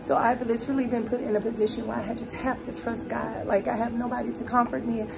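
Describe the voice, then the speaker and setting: A woman's voice: a little high, flat delivery, fast, gravelly, noisy background. A woman vlogging in a candid, heartfelt way from home. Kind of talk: casual vlog chat. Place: indoors at home.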